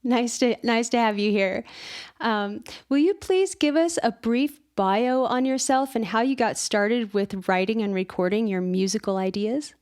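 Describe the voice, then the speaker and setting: A woman's voice: fairly high pitch, unhurried, a little mellow, clean tone. A woman hosting a podcast, talking casually with chatty, self-mocking asides. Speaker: podcast host.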